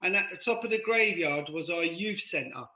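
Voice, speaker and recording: Bright-voiced man with a London accent. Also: sits high, normal speed. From Ireland, raised in London. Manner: rambling, often asks "do you know what I mean". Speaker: podcast guest. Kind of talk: casual conversational storytelling. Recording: dull lo-fi sound.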